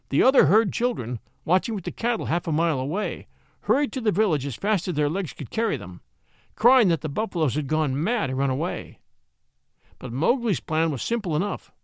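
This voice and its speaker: A man narrating a classic adventure story in an expressive, dramatic audiobook reading. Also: high voice, dry recording, studio quality.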